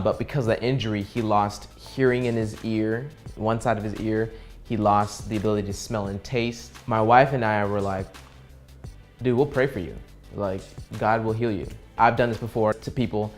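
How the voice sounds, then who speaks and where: A man's voice: on the low side, moderate pace, soft background music. Earnest young man telling a travel story. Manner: earnest, animated storyteller who acts out quoted dialogue. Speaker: vlogger. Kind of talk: casual travel vlog storytelling.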